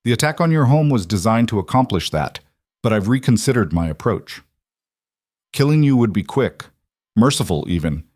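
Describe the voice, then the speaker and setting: Guy voicing a cultured russian-accented mob boss, smooth and persuasive, low dry voice. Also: very animated, moderate pace, darkish tone, no room sound. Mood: smooth menace. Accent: faint Russian. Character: cultured, menacing male crime boss.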